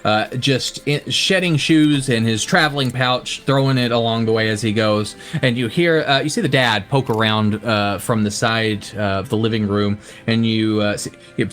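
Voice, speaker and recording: A man narrating as game master of a tabletop game, halting with many fillers and laughing often. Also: lowish voice, fairly bright tone, faint music behind.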